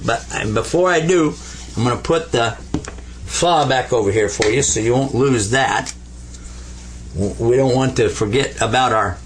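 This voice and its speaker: A man teaching Arabic letters at a board, patient and playful, repeating each sound slowly for learners. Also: medium pitch, a bit bright, a little hiss or hum. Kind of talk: whiteboard language lesson.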